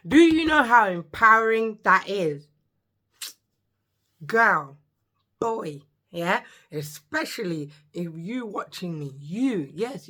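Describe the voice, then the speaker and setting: Her pitch fairly low, a social worker in her thirties gives an excitable, jokey, talkative introduction to her vlog channel. She mentions that her voice can sometimes give out.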